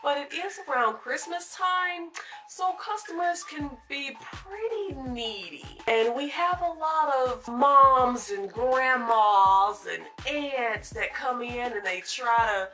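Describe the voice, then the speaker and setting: A woman recounting a day at her retail job in a storytime vlog, animated and dramatic, acting out what people said. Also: high-pitched, slow, soft background music. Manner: animated, dramatic retelling with acted-out quotes. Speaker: retail store worker.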